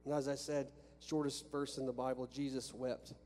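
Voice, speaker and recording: A male pastor with a medium-pitched, slightly mellow voice preaches to his congregation at a normal speed and in a level tone. He speaks conversationally, restarting sentences and posing rhetorical questions. The church sanctuary has a balcony, and the recording carries long hall reverb with a faint hum.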